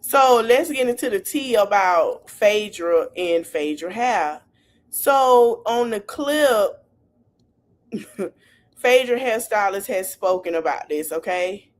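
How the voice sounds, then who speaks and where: A woman with a mid-range voice talks slowly but animatedly while hosting her podcast. Her reality-show recap is chatty and full of gossip, delivered in African American Vernacular English.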